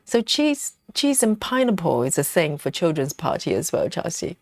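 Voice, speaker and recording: A woman's voice: medium pitch, sing-song, moderate pace, creaky, few pauses, darkish tone, no room sound, clean studio sound. A woman hosting a casual live stream, chatting and giggling as she reads viewer comments aloud. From United Kingdom.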